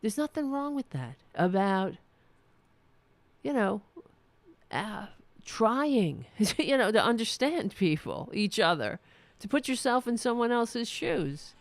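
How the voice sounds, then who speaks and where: A woman hosting a political livestream, ranting with passion, swearing freely and reading viewers' chat comments. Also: fairly high pitch. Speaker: political talk show host.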